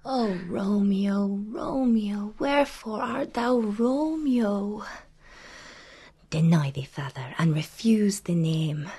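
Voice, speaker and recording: A lovesick teenage girl in a stage verse scene, her voice breathy and half-whispered. She draws each line out slowly, letting the pitch rise and fall widely in long sighs. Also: animated, warm tone, full character voice. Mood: yearning. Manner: slow, sighing, swooping delivery. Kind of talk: stage verse performance in period pronunciation.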